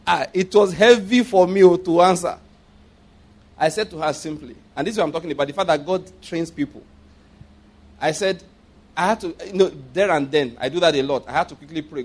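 A man's voice: on the high side, brisk, pauses often. A man preaching a sermon as a story, repeating himself for emphasis, checking in with his listeners and chuckling along the way. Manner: chuckles often while telling.

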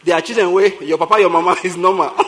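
A male pastor with a Nigerian accent delivers a lively sermon in a notably high voice. he tells stories with a lot of energy, hammers points home by repeating himself, and breaks into laughter often. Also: moderate pace, a little hiss or hum. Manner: animated storytelling, repeating lines for emphasis, laughs often.

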